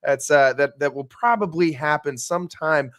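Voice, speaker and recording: A man's voice: on the high side, normal speed, fairly bright tone, no room sound, studio quality. A man guesting on a sports podcast, giving emphatic, opinionated analysis in casual chat.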